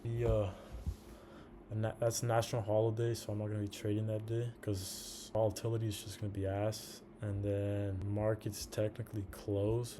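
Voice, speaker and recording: A man's voice: on the low side, warm tone, slight background noise. A man with a slight lisp from a retainer, rambling casually through a profane trading recap. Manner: rambling, profane, says "bro" a lot. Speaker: day trader.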